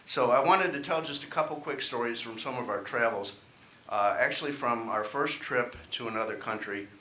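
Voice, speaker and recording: A man's voice: mid-range voice, moderate pace, bright, forceful tone. A man performing a wry, self-deprecating stand-up set at an open mic. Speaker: stand-up comedian. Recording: echoey room, faint hiss.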